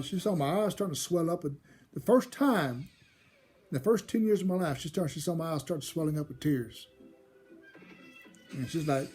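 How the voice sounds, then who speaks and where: A man's voice: fairly high pitch, darkish tone, breathy edge. A man telling a personal story from his childhood, rambling and often repeating and restarting his phrases. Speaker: storyteller host.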